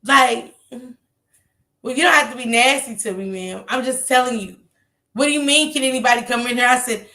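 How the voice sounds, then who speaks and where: A woman with a fairly high, sharp voice tells her viewers a story in a loose, chatty way. She swears freely, laughs often and acts out what other people said. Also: moderate pace. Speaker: livestream host telling a story.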